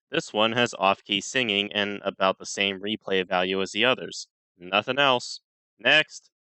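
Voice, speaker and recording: A man's voice: fairly low pitch, pushed and bright, clear, resonant tone, no room sound. A man reading a wordy, sarcastic scripted music review. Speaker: guest reviewer.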